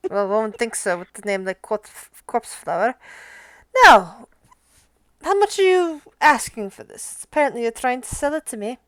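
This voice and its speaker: A woman's voice: on the high side, lively intonation, moderate pace, dry recording, lightly acted. Woman doing a courteous, genteel male merchant. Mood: curious. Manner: courteous, formal phrasing.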